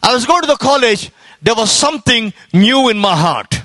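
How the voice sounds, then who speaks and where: A man preaching his testimony with fervent, repetitive storytelling and rising exclamations. His voice sits very high and rings bright and forceful. The sound is dry, with hardly any room around it. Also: lively intonation, normal speed, dry recording. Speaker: evangelist giving his testimony. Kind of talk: sermon testimony.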